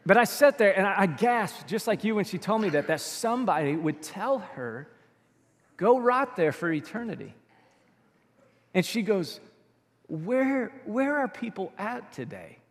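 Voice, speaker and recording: A male pastor preaching a sermon in a church, telling stories and swinging between hushed and loud. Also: sits high, big pitch swings, moderate pace. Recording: long reverb of a large hall.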